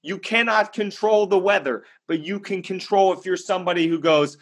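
A man's voice: high voice, normal speed, hardly any pauses, a bit bright. A man giving a motivational monologue, telling a story in an emphatic, blunt way and answering his own rhetorical questions. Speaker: motivational speaker.

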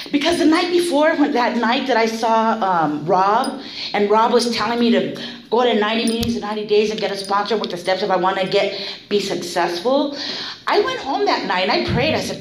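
A woman's voice: medium pitch, expressive, normal speed, a little hiss or hum. A middle-aged woman shares her story at a recovery meeting, blunt and full of swearing. Her voice rises and falls widely as she laughs her way through it. The room around her sounds echoey.

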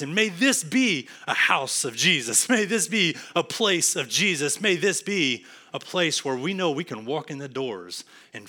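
A man from Texas with a Texan accent, preaching a sermon earnestly, going from emphatic to hushed. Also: fairly high pitch, big pitch swings, a little slow, few pauses. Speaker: pastor.

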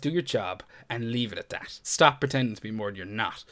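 A young man co-hosting a casual podcast, ranting with lots of swearing and animated outbursts. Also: lowish voice, fairly quick. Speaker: podcast co-host.

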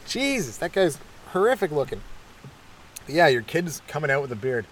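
A man's voice: fairly high pitch, sing-song, takes it slowly, pauses often, slight background noise. A man hosting a comedy podcast, rambling through a self-deprecating, hyperactive stand-up monologue. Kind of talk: stand-up style comic monologue.

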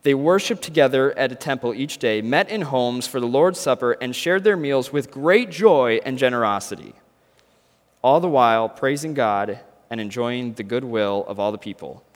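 A man preaching a sermon in a relaxed, storytelling way, breaking into impressions to make his point. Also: medium pitch, moderate pace, in a large hall. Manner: casual, storytelling, animated impressions.

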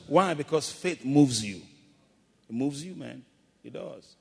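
A man's voice: medium pitch, lively intonation, unhurried, gravelly, breathy edge, in a large hall. A male pastor preaching a sermon, calling for amens and acting out playful asides. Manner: preaching with call-and-response and playful acted asides.

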